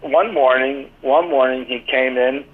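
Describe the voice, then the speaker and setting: This older man's husky, mid-range voice moves at a moderate pace through a tinny phone-line call. A former team athletic trainer and author, he's the guest in a casual interview, telling meandering stories filled with "you know."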